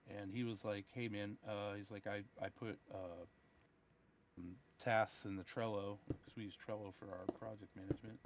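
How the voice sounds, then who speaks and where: A man's voice: lowish voice, little pitch movement, normal speed, slight background noise, low-quality recording. Tired, swearing man venting on a call. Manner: profane, ranting, retells dialogue. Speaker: software developer. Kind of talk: casual chat over voice call.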